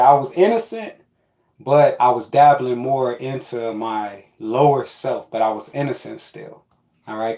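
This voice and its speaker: A man's voice: mid-range voice, reverberant. A man telling a rambling, profane personal story in a casual spiritual monologue. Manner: profane, rambling, animated with quoted asides.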